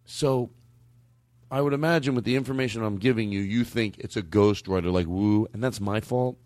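A man's voice: normal speed, a little mellow, no echo. A man hosting a comedy podcast, rambling and cutting himself off as he improvises bits with his guest. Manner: rambling, self-interrupting, bursts into high-pitched bits.

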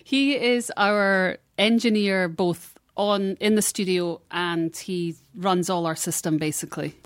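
A woman's voice: medium pitch, slow, clear, resonant tone. A middle-aged Scottish woman chatting casually as a podcast guest, with dry humor and easy laughs. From Scotland. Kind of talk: casual chat.

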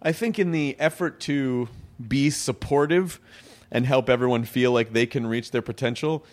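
A man's voice: medium pitch, moderate pace. A man hosting a casual podcast chat, talking loosely with many fillers and laughing often. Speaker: podcast host.

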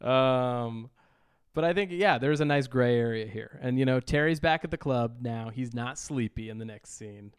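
A man with a smooth, clear voice talks through a film in casual conversation. He hedges and thinks aloud, with plenty of "you know" and "like." His tone stays easygoing. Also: mid-range voice, normal speed, dry recording, studio quality. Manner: thoughtful, hedging, many fillers. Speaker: podcast co-host. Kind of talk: casual chat.

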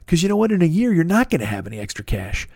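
High-voiced man on a profane rant. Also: big pitch swings, very fast, vocal fry, a little mellow, no room sound, studio quality. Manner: angry, sarcastic, swears constantly. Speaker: podcast host.

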